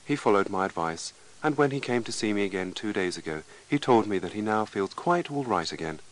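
A man's voice: lowish voice, lively intonation, fairly quick, natural voice, low-quality recording. A man voicing a confident male doctor who tells a patient an anecdote in a confiding way.

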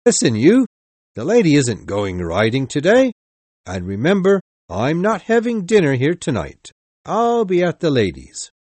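Man putting on a loud, sneering young gentleman, arrogant and rude, raised voice, storybook reading. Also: on the high side, wildly swooping pitch, measured pace, no room sound, voice pushed up, full character voice. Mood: taunting. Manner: loud, taunting.

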